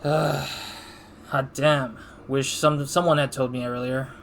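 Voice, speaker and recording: A man's voice: medium pitch, steady tone, takes it slowly, vocal fry, fairly bright tone, a little hiss or hum. A man doing let's play commentary, rambling and thinking aloud in a self-deprecating way. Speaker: gamer.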